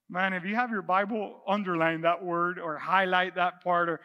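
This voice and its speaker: A man preaching in a large church hall, his voice high and ringing bright. He reads scripture aloud and presses his points with animated energy, and a long reverb trails every phrase. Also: moderate pace, few pauses. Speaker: pastor. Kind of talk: sermon.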